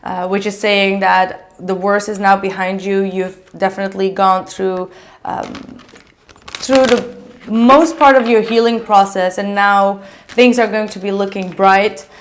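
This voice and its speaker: A woman's voice: medium pitch, steady tone, measured pace. Chatty woman giving a tarot reading. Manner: chatty, gushing, many fillers. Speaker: tarot reader.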